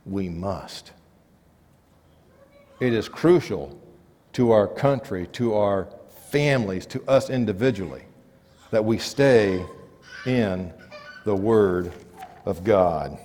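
A man preaching a sermon, rising for emphasis and dropping to quiet, low stresses. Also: animated, takes it slowly, long pauses. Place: church sanctuary. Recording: long church reverb.

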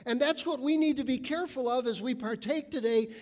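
Man, pastor, emphatic sermon, high-pitched, long hall reverb. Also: brisk. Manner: emphatic preaching, mimicking people's voices.

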